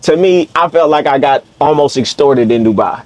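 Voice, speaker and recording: A man from Las Vegas hosting a podcast, telling stories in a blunt, slangy, animated way over a close mic. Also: on the high side, normal speed, no echo. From Las Vegas, USA. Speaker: podcast host. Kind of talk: casual interview chat.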